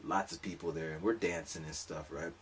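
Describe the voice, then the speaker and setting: A man's voice: a bass voice, steady tone, fairly quick, recorded from a distance, a little hiss or hum. A man telling a rambling, comic story in a casual monologue, full of asides. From lives in Japan.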